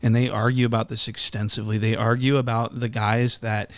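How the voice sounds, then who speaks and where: A man's voice: medium pitch, little pitch movement, fairly quick, dry recording. A man giving mocking video commentary, with dry, sarcastic delivery. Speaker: online commentator in played clip.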